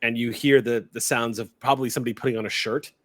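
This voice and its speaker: A man with a mid-pitched voice guiding players through a tabletop game, narrating in a loose, halting way with restarts. The sound is dry and close. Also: steady tone, a bit bright, no room sound. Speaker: game master.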